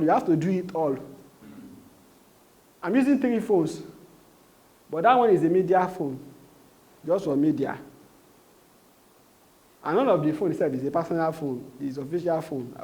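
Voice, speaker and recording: A man's voice: on the high side, darkish tone. A man with a Nigerian accent giving a live training talk, quizzing the room and repeating his points. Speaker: sales trainer.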